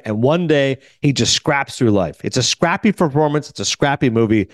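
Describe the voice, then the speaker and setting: This is a casual film review monologue from a man who hosts a film podcast and works as a critic, lively in his storytelling and acting out the movie's quotes. The mid-range voice is recorded dry on a studio mic.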